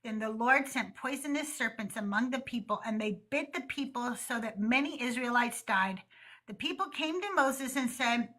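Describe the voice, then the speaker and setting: A woman's voice: on the high side, lively intonation, moderate pace, sharp tone. A young woman hosting a live stream, reading scripture aloud and breaking off with laughing, sarcastic asides. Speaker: host of a call-in show.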